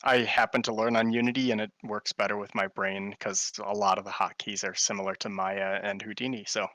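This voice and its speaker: Bright-voiced man chatting with enthusiasm. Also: fairly low pitch, level tone, fairly quick, no echo, low-quality recording. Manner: enthusiastic, laughs easily, fillers. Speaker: guest, hologram artist. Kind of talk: casual interview chat.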